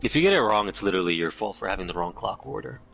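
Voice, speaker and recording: A man's voice: on the low side, animated, gravelly, fairly bright tone, lo-fi sound, soft background music. A man helping a friend through a game, exasperated and teasing, with casual chat and swearing. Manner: exasperated, teasing, quick to laugh. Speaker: co-player.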